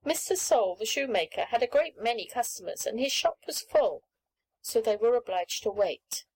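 Woman narrating an old kids' story, fairly high voice, clear and measured. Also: animated, darkish tone, rough recording. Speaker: audiobook reader. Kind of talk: scripted narration of a children's story.

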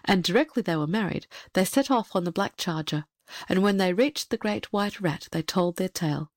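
A woman reading a fairy tale aloud in a gentle, measured storybook narration. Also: fairly low pitch, expressive, dry recording, studio quality. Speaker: audiobook reader.

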